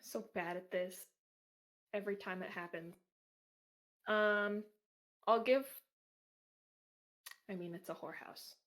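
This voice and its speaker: A woman plays a tabletop game and speaks quietly. She makes quick, self-deprecating asides in a casual way. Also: medium pitch, steady tone. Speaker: player.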